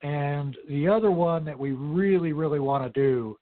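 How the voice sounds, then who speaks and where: A man's voice: on the high side, normal speed. A man investigator answering interview questions in an easygoing way, with short agreements and some hesitation. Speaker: paranormal investigator guest. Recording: tinny phone line.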